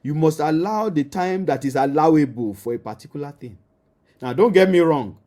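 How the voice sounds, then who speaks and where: A man's voice: a little high, animated, normal speed, mellow. A man with a Nigerian accent, a marriage counselor giving an emphatic teaching that addresses the listener directly and repeats key phrases.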